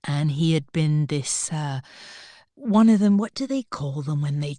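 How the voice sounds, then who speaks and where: A woman guest on a podcast, telling a personal story in an animated way and acting out the voices of the people in it. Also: deep voice, unhurried, dry recording. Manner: animated, acts out quoted voices. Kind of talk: storytelling in an interview.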